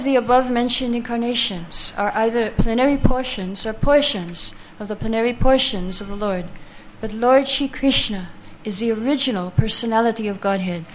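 A woman teaching a scripture class who chants verses slowly, then reads the translations and explains them, taking answers from her listeners. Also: fairly high pitch, a little hiss or hum.

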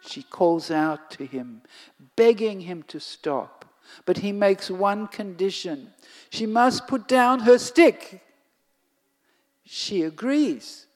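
Slow devotional storyteller in a reverberant hall. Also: medium pitch. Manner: slow and expressive, sinking to a whisper at times. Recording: long hall reverb, faint music.

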